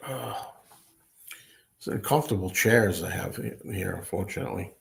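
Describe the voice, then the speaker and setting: Low and creaky, this man's voice moves at a moderate pace. He hosts a casual solo livestream from a table indoors with a laptop, answering viewer comments, rambling, thinking aloud and laughing often.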